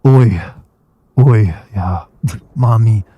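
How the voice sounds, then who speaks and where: A man voicing a sleazy male reviewer of adult games, in a hushed, breathy voice. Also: mid-range voice, fairly even intonation, a little slow, dry recording, lightly acted. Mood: leering.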